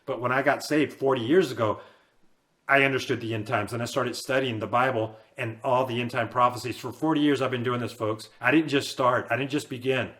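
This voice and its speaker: A man in his fifties delivers an impassioned end-times sermon, pressing each point with repetition and rising fervor. His voice sits at an ordinary middle pitch, and he hammers his warnings home. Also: fairly even intonation, fairly quick, a bit bright. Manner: fiery, emphatic, repetitive. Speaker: preacher.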